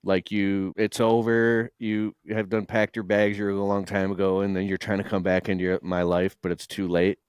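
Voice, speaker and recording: Deep-voiced man telling raw stories. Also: little pitch movement, moderate pace, hardly any pauses, smooth, no room sound. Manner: raw, emotional, swears freely, mimics voices. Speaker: guest entrepreneur. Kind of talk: candid conversational storytelling.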